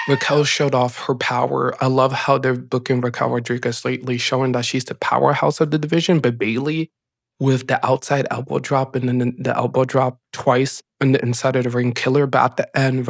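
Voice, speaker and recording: An excitable man runs through a recap at a middling pitch, rambling along and leaning on "like" between thoughts. His voice is close and dry, with no room sound around it. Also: normal speed, vocal fry, no room sound. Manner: chatty, excited, rambling with many "like" fillers. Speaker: show host. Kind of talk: casual wrestling episode recap.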